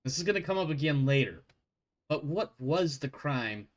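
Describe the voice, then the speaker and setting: A man's voice: on the high side, animated, normal speed. Casual male game master. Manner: casual, rambling, self-deprecating. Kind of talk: narrating a tabletop game.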